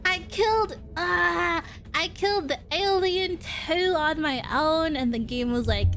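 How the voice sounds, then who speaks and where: A woman's voice: extremely high pitch, unhurried, hardly any pauses, a bit bright, faint music behind. A woman streaming a video game, chatting playfully, exclaiming and laughing as she plays. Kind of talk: casual gameplay chatter.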